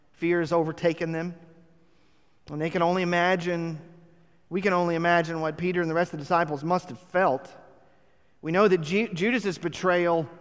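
A man delivers a sermon in an earnest storytelling manner, building to emphatic points. His voice sits a little high and sounds smooth and resonant. The sound carries a long hall reverb. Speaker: preacher.

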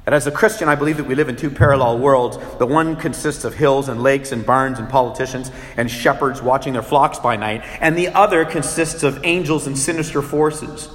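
A man preaching a sermon as a pastor, animated and acting out little scenes with shifting voices. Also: medium pitch, moderate pace, roomy sound, long reverb tail.

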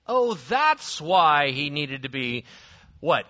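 Male preacher, high and bright, animated storyteller, lo-fi. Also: slow pace. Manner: animated storytelling, swings from hushed to shouting. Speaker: pastor. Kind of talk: sermon.

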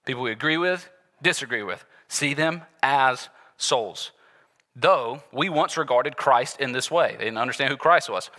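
A man preaching a sermon, walking the congregation through a passage in an animated, conversational way with sudden loud bursts. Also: medium pitch, normal speed. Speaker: pastor. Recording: long hall reverb.

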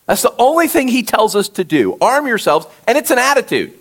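A man preaching a conversational sermon, reading scripture aloud and talking directly to his congregation in an animated way. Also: very high-pitched, brisk. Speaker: pastor.

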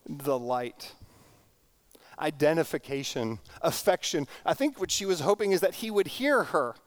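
A middle-aged man, a pastor, preaching a sermon in an earnest, reflective way, slowing down for emphasis and often repeating words. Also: fairly high pitch, lively intonation.

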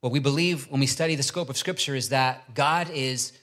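A man preaching a sermon, opening in quiet prayer and then teaching earnestly through a passage with rhetorical questions. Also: medium pitch, fairly quick. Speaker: pastor.

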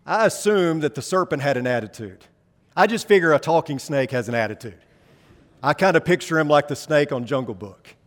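A pastor preaches a sermon conversationally, reading scripture and posing rhetorical questions to the congregation. His mid-range voice is expressive and brisk, and he's in a large hall.

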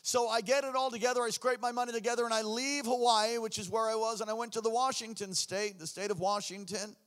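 High-voiced animated male preacher. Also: fast. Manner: animated storyteller, acts out voices and shouts. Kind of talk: sermon testimony.

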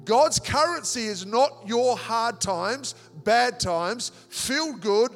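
A man from Australia preaching a sermon as pastor, animated, repeating words and acting out little dialogues. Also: extremely high pitch, slow pace. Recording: long hall reverb with music behind.

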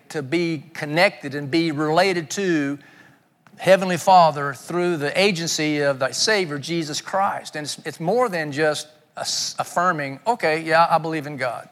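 A man's voice: a little high, fairly bright tone, long reverb tail. A man preaching a sermon, earnest and often repeating words as he searches for his phrasing. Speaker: guest preacher.

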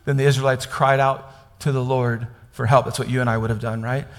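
A man's voice: mid-range voice, flat delivery, fairly quick, long reverb tail. A man from Kansas preaching a conversational sermon, often asking his listeners questions. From Kansas, United States. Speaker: pastor.

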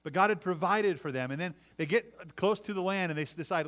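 A man's voice: sits high, a little fast, hardly any pauses, fairly bright tone. A middle-aged man preaching a sermon in a conversational way, often asking his listeners "right?" and restarting his phrases. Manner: conversational preaching with many restarts and tag questions. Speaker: pastor.

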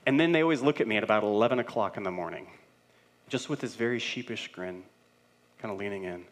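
A man's voice: on the low side, fast. A man in his thirties, a pastor, preaching a sermon in a conversational way and acting out quoted voices.

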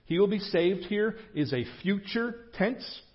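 Male pastor, fairly high voice, earnest emphatic preaching, muffled lo-fi church recording. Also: expressive, a little slow. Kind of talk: sermon. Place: church sanctuary.

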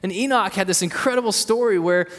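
A man's voice: high-pitched, fast. A man preaching a sermon as pastor, in a conversational way with asides to the congregation, heard in an echoey church hall. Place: church sanctuary.

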